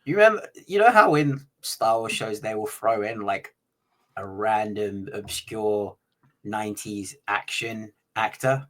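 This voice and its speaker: Low-voiced man in casual podcast chat. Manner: halting, full of fillers and restarts. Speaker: podcast co-host.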